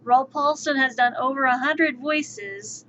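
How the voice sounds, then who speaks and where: A woman's voice: high voice, a little slow. A young woman streamer telling a story casually and animatedly, slipping into voices for the people in it. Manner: animated, acts out voices in anecdotes. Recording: muffled stream audio with faint noise.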